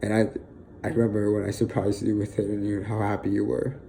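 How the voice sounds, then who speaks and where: Young man, low dark voice, halting. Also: monotone, creaky, slight background noise, low-quality recording. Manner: halting, with frequent fillers and sighs. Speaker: vlogger. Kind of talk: emotional personal monologue.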